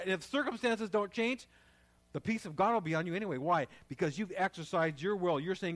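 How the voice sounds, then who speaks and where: A man preaching a sermon as pastor, talking conversationally and then rising into loud, fervent prayer. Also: high-pitched, brisk.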